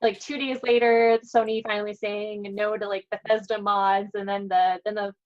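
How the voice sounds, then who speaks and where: A woman's voice: mid-range voice, level tone, moderate pace, darkish tone, muffled recording. A woman co-hosting a gaming podcast, talking in an emphatic, opinionated way. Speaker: podcast co-host. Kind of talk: casual chat.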